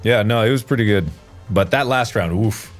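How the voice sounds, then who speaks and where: A man casually chatting with friends while playing a co-op zombie game, at times shouting. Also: lowish voice, normal speed, faint music behind. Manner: animated, shouting repeated refusals, then explaining tactics. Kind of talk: casual gaming chat.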